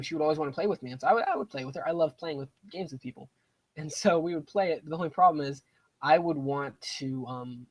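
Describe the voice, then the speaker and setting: A man's voice: fairly high pitch, poor audio. Young man rambling over a strategy game. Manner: rambling, digressive, talks to himself about the game. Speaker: game streamer. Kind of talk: casual gameplay commentary.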